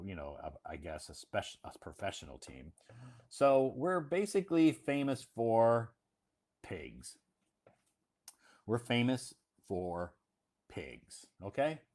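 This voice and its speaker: A man from Iowa, casually talking to English learners in a spoken lesson, repeating phrases and checking understanding with "okay?". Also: deep voice. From United States, Iowa.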